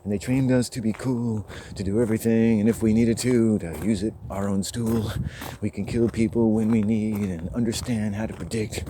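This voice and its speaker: Rambling man, low voice, noisy outdoors. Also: steady tone, normal speed. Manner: rambling, laughs between phrases, swears. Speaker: vlogger. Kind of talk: rambling walking monologue. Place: outdoors, woods. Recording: clear outdoor background noise.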